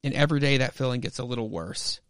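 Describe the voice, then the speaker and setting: A man voicing a calm, steady adult woman who hunts monsters, speaking in a low-key, reassuring way. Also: quick pace, clean tone, dry recording, studio quality, natural voice.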